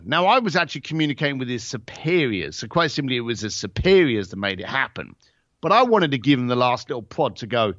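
Animated, expressive man telling a story. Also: on the high side, fast, no room sound, muffled recording. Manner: animated, blunt storyteller who swears and acts out dialogue. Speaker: podcast guest. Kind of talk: casual storytelling.

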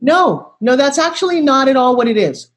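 A woman in her sixties speaks bluntly and forcefully as a motivational coach in an interview. Her voice sits a little high for a woman. She keeps driving home her point and presses her guest with the same questions again and again. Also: sing-song, moderate pace. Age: 60s.

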